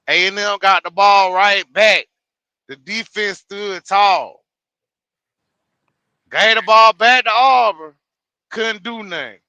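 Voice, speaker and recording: A man with a high-pitched, strikingly bright voice co-hosts a casual sports reaction chat. He recounts plays in animated, slangy talk. The mic is close and dry. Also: clean tone, dry recording.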